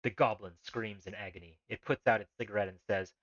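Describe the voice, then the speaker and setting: A man's voice: lowish voice, fairly even intonation, fast talker, fairly bright tone, dry recording, lo-fi sound. A man streaming a text adventure live, reading the game's text aloud and making rambling, laughing asides.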